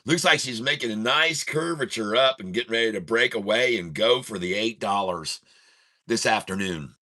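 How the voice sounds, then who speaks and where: A day-trading channel host with a fairly low, bright, forceful voice speaks at a normal pace. He rambles through a long joke, restarting often and laughing at himself, before moving on to market talk.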